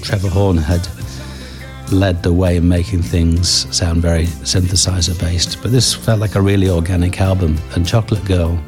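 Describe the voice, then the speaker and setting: Brief: male commentator, very low voice, measured delivery, music bed beneath. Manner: measured, explanatory. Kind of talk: documentary commentary.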